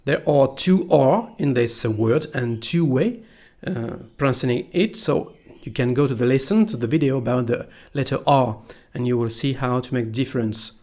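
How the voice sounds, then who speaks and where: A man's voice: medium pitch, moderate pace, a little mellow. A man with a French accent, a native French speaker from France, teaching pronunciation patiently and repeating phrases for learners. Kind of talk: slow pronunciation lesson.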